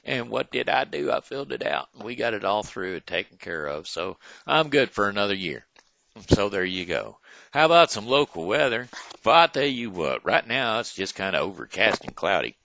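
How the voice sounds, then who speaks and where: A man hosting his own casual home video show, talking in a folksy, animated way and stumbling over names, recorded at home near his front door. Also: on the low side, moderate pace, gravelly, no echo, muffled recording. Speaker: host.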